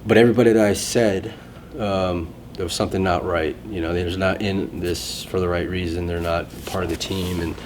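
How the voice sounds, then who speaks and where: A man's voice: deep voice, fairly even intonation, normal speed, a little hiss or hum. A man in casual conversation, sharing a personal testimony in a rambling, self-interrupting way.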